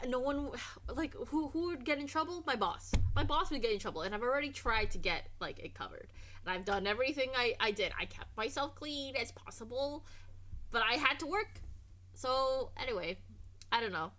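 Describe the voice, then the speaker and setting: Woman streamer, casual game commentary, rambly and self-correcting, voice a touch high. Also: animated, normal speed, bright, forceful tone, a little hiss or hum. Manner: rambling, trails off and restarts.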